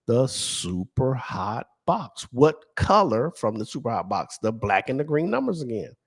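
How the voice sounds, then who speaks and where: Slow, emphatic man hosting a live stream. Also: medium pitch, sing-song. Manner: emphatic, asks and answers his own questions. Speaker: lottery stream host. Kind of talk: live-stream screen walkthrough.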